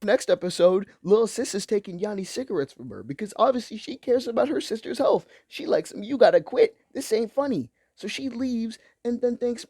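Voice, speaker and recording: A man's voice: high-pitched, expressive, normal speed, few pauses, a little mellow, slightly rough, dry recording, studio quality. A young man giving a comedic, profane, slangy recap of an anime. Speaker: commentary host.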